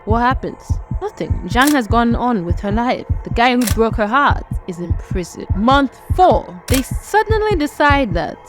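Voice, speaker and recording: A woman's voice: a little high, measured pace, hardly any pauses, over music. A woman narrating a true-life story in a casual, conversational way, talking straight to listeners. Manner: animated, conversational, addresses listeners directly.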